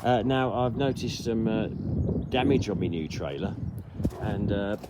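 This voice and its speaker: A man's voice: fairly low pitch, lively intonation, measured pace. A man hosting a casual vlog, talking bluntly and jokingly with plenty of swearing. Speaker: vlog host. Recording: outdoor noise, vehicles behind.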